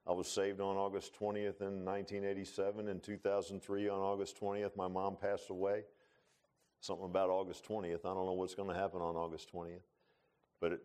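A man preaching a sermon in a folksy, animated way, often calling listeners "man.". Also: sits low.

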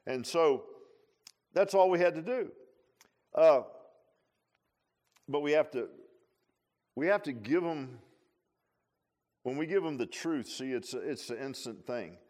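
A man preaching in a relaxed, talky way, circling back on his own words and slipping in small jokes. His voice sits a touch higher than most men's. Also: takes it slowly, long pauses. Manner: folksy, repeats and restarts phrases, humorous asides. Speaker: pastor. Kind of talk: conversational sermon.

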